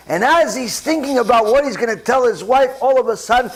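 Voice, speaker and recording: Man, rabbi, sermon, emphatic storytelling, husky, high lively voice. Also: fairly quick, hardly any pauses. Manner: repeats phrases for emphasis.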